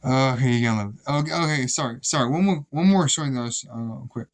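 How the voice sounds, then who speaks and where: A man's voice: mid-range voice, quick pace. A young man casually telling rambling, profane stories about his old job, with many restarts. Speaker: vlogger. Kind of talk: casual storytelling.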